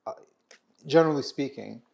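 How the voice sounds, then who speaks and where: A male host talking casually over a meal, his mid-range voice roughened by fry. He speaks haltingly, with restarts and fillers as he works through his thoughts. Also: medium pitch, darkish tone.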